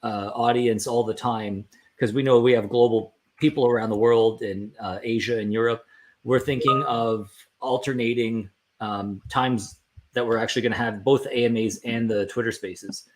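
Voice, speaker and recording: A man's voice: mid-range voice, steady tone, normal speed, background noise. A man, a team member chatting casually on a livestream, friendly and rambling with frequent restarts.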